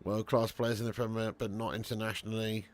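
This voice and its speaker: A man's voice: on the low side, brisk. A young man chatting through a live football watch-along, swearing, bantering and reading viewer comments aloud. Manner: animated, sweary banter, reads chat aloud.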